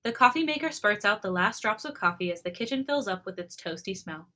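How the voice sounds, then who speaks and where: Podcast co-host, female, bright voice, mid pitch, giggly storybook reading. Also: fairly quick. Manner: giggly, reacts with laughter, steady storybook reading. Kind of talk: reading fan fiction aloud and chatting.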